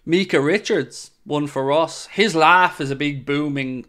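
Fairly high-pitched and fairly bright, the voice belongs to a young man hosting a podcast who speaks at a measured pace. He reads live-chat comments and reacts casually with opinions, lots of fillers and asides.

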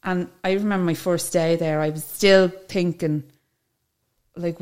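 Chatty Irish woman with a low voice. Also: steady tone, measured pace, darkish tone, clear, resonant tone. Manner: chatty storyteller, laughs when nervous. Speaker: funeral director, podcast guest. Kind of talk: casual chat.

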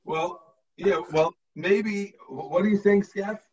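A rabbi teaches his class over a video call, walking through the text step by step and checking that everyone follows. His voice sits high and husky. The sound is distant and muffled. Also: takes it slowly, a little mellow. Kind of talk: explaining a text to students.

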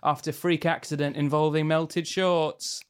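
A man puts on a pompous male newsreader for a comic radio bit, slow and over-formal, pitched a touch higher and louder than his own voice. The delivery is mock-grave and deliberate. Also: little pitch movement, clean tone, close to an everyday voice. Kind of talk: comic parody news reading.

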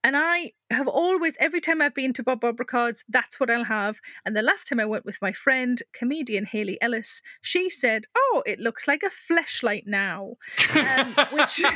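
Giggly woman guest, high and bright, dry close sound, animated storyteller. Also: normal speed, no echo. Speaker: podcast guest. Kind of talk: casual chat.

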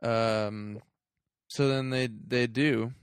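A man's voice: mid-range voice, fairly even intonation, very slow, clean tone, dry recording, studio quality. A man co-hosting a podcast, from Canada, rambling through a movie recap with lots of filler words. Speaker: podcast co-host. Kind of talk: casual movie review chat.

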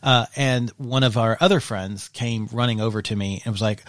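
A man co-hosting a podcast in casual chat, an animated storyteller who acts out quoted lines and swears freely. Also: medium pitch, moderate pace, dry recording, clean studio sound. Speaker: podcast co-host.

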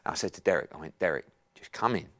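A man's voice: sits low, racing. A man in his forties, a boxing promoter, telling anecdotes in casual chat and acting out the people in them. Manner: animated anecdote telling, acting out others' lines.

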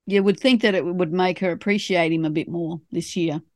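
A woman's voice: on the low side, steady tone, brisk. A woman co-hosting a casual recap podcast, retelling scenes with easy laughter. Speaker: podcast co-host. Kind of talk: casual episode recap chat.

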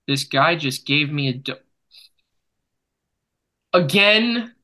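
A young man hosting a casual podcast, telling rambling jokey stories with sudden loud bursts. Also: a little high, expressive, slow pace. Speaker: podcast host. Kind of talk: casual chat.

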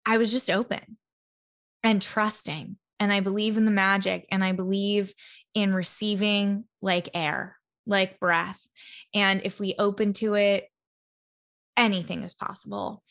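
A woman of middle pitch speaks in a relaxed solo podcast talk. She is chatty and heartfelt, leaning into spiritual ideas, and scatters "like" through her sentences. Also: measured pace. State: emotional, near tears at times. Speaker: podcast host. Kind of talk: casual solo podcast monologue.

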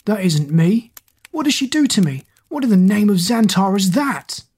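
A small doll prince, young and frightened, who talks with an anxious earnestness, voiced by a woman. The voice sits low and husky, as heard in a storybook reading. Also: measured pace, darkish tone.

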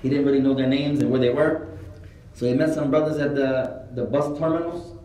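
A man giving a religious lesson, telling a story with lively retellings and Arabic religious phrases woven into his English. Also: medium pitch, brisk. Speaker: religious teacher. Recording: very echoey room from a distant mic.

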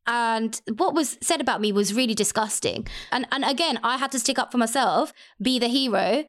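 A young woman talks in a loose, animated way, swearing freely. Her voice sits a little higher than most. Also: normal speed. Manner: animated, swearing, acts out quotes. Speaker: podcast co-host. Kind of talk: casual chat.

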